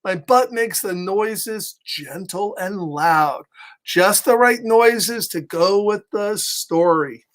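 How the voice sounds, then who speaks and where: A man reading the lines of a boastful young boy from a picture book aloud to children, in slow, sing-song rhyme. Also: high-pitched, fairly bright tone. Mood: proud, sing-song. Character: boastful young boy proud of his noisy bottom.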